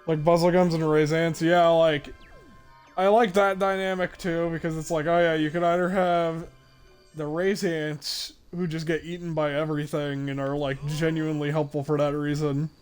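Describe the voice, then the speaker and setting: A man's voice: a little high, level tone, normal speed, clean tone, faint music behind. A young man giving casual, rambling live-stream commentary while playing a game, with lots of filler words.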